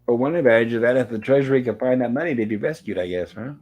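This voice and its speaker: A man's voice: mid-range voice, quick pace, muffled recording. Casual man recapping old TV episodes. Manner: retells scenes, reading character lines aloud, with dry asides. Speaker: show host reviewing old TV episodes.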